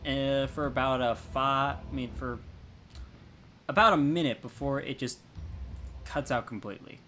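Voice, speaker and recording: A man's voice: medium pitch, moderate pace, sharp tone, slight background noise. A man narrating a tabletop game as game master, hesitant and full of restarts.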